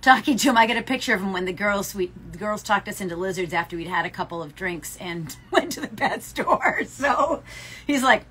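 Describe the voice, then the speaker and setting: A woman's voice: medium pitch, expressive, a little fast, fairly bright tone, husky. A woman co-hosting a casual podcast chat in a yarn shop, telling stories and laughing often. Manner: chatty storyteller, laughs often. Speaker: podcast co-host.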